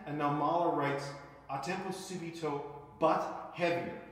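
A man teaching viola, calling out counts, accents and dynamics as he demonstrates, then explaining calmly. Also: on the high side, moderate pace, loud music behind the voice. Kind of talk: instructional music lesson. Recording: echoey room with viola playing. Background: viola playing.

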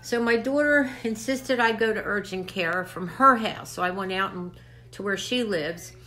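An older woman who hosts a crafts channel chats casually to camera, rambling and a little out of breath. Her mid-range voice is bright and forceful, at a moderate pace.

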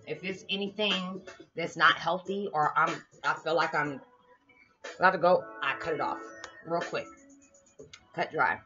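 Animated woman vlogging, lo-fi sound. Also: low-pitched, a little slow, long pauses. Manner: animated, laughing, lively swings in loudness. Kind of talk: casual spiritual vlog talk. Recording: dull lo-fi sound with faint music.

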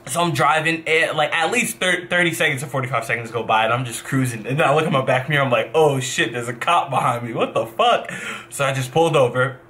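A young man from New Jersey, a professional gamer, telling a rambling, animated story in a casual vlog and swearing as he backtracks. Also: mid-range voice, quick pace, hardly any pauses, a little hiss or hum.

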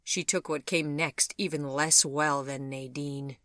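A woman narrating a storybook audiobook in a measured, expressive way. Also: low-pitched, no room sound, clean studio sound.

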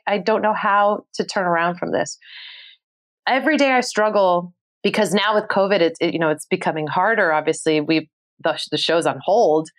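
A woman, speaking as a guest on a podcast interview. Her voice sits a little low, and she talks in a candid, heartfelt way. When she quotes her own past thoughts she speeds up, and her pitch climbs when she gets excited. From New York City, USA. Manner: emotional and earnest, rising pitch when excited, quick bursts when quoting herself. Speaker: podcast guest, TV host and producer.

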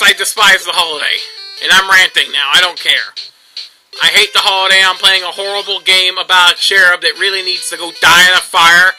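A man's voice: bright, forceful tone, poor audio. Young man ranting over game music. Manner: sarcastic, mocking, puts on squeaky voices for quotes. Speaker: gaming video host. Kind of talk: ranting gameplay commentary.

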